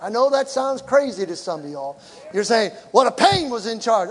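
Middle-aged male preacher, very high voice, animated, shouting sermon, echoing hall. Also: moderate pace, breathy edge. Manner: animated, shouting to the congregation, with laughter. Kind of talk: sermon with personal story. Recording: large hall with long reverb.

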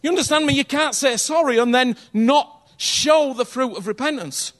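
A man's voice: very high-pitched, moderate pace, fairly bright tone. A man preaching a sermon in a conversational, earnest way, often checking in with his listeners and repeating phrases for emphasis.

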